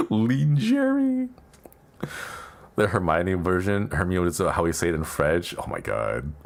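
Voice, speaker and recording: A deep, gravelly, expressive male voice at normal speed, chatting on a casual live stream. He rambles playfully and laughs a lot, and English isn't his native language.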